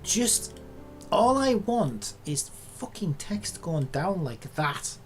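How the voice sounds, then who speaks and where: A content creator talking casually while working at a computer, muttering and swearing at the software in exasperation. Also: mid-range voice, very animated, slow pace, soft background music.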